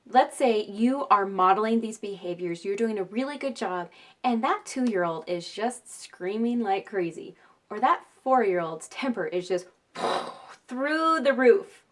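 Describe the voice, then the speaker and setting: Chatty mom giving parenting tips. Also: female voice, mid-range voice. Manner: chatty, with frequent tag questions and laughter. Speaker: parenting vlogger and mother. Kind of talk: casual parenting advice talk.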